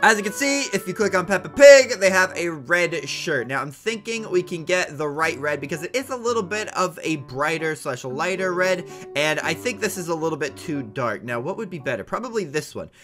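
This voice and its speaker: A young man in his twenties does hyper, jokey gameplay commentary, with a voice that sits high for a man and cuts through brightly. He bounces between goofy teasing and mock outrage, and light music plays faintly underneath. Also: expressive, moderate pace, hardly any pauses. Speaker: gaming YouTuber.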